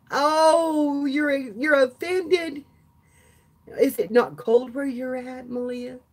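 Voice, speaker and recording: A woman's voice: high voice, extremely slow, pauses often. An older woman, hosting a casual live stream chat, chatty and laughing often as she talks to her viewers. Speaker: craft channel host.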